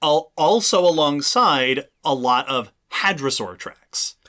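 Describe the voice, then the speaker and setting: A man's voice: a little high, animated, takes it slowly, bright, forceful tone. A man co-hosting a casual podcast, explaining at length with frequent restarts. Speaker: podcast co-host. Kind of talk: casual chat.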